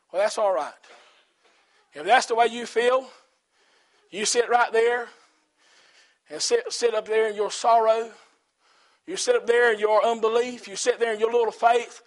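High-voiced preaching pastor. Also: male voice, fairly even intonation, moderate pace, pauses often. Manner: rhythmic preaching with repeated phrases, rising to shouts. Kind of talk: sermon. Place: church.

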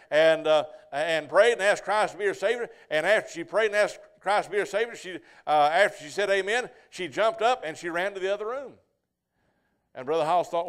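Brief: high-pitched male pastor, folksy sermon storyteller. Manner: folksy storytelling, asks the congregation "Amen?".

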